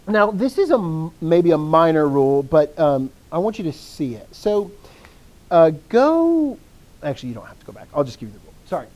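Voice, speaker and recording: High-voiced, excitable language teacher. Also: male voice. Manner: enthusiastic, self-interrupting, asks and answers his own questions. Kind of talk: classroom lesson.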